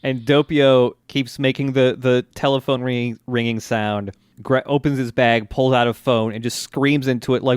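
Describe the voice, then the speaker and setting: A man's voice: mid-range voice, steady tone, normal speed, few pauses, clean tone, dry recording, studio quality. A man co-hosting a podcast, recapping episodes in casual chat and acting out character lines with laughs. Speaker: podcast co-host.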